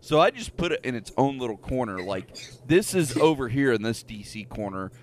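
A man's voice: mid-range voice, very animated, fairly quick. Rambling casual man, faint hiss. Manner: rambling, profane, trails off quietly. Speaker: podcast co-host. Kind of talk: casual chat.

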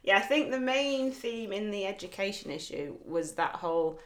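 A woman's voice: mid-range voice, animated. A woman co-hosting a podcast in casual chat, giggly and chatty. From Isle of Man. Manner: giggly, chatty, quick to laugh. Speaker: podcast co-host.

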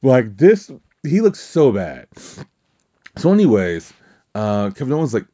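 A man's voice: medium pitch, big pitch swings, a little slow, dark tone, lo-fi sound. A man hosting a podcast, recapping wrestling in casual, rambling chat full of swearing and fillers. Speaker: podcast host.

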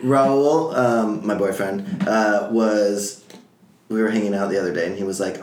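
Male co-host, mid-pitch, teasing storyteller, echoey room. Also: unhurried. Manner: playful, joking, lively storytelling. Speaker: podcast co-host. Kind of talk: casual chat.

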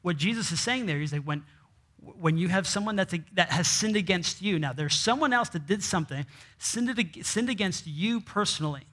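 A pastor delivers a sermon in a somewhat high, expressive, slightly bright voice at a moderate pace, reading scripture aloud. He repeatedly asks the congregation rhetorical questions, answers them himself, and often restarts his sentences.

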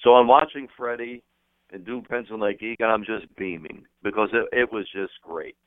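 A middle-aged man telling casual stories as a guest on an interview, animated and quick to jump into high voices when quoting people. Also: clean tone, dry recording. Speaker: guest, wrestling manager and author. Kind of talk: casual storytelling on a call-in interview. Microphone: telephone. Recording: tinny phone line.

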